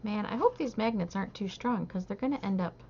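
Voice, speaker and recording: A tired young woman chats casually on a live stream while she crochets, rambling and hesitant with many fillers. Her medium-pitched voice is mellow and a little fast, with lively intonation, and the stream audio is dull and lo-fi with faint hiss.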